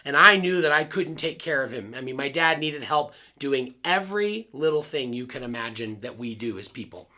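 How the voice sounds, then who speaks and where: A man's voice: medium pitch, animated, moderate pace, hardly any pauses, sharp tone. A man, a pastor, telling a personal story in an earnest, confiding way and speaking straight to his listeners. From Arizona.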